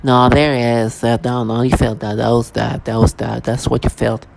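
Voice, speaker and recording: A vlogger mimicking a nonchalant, insistent persecutor in a flat, dismissive, repetitive voice. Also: mid-range voice, racing, vocal fry, a little hiss or hum, pitched below the performer's own voice, lightly acted.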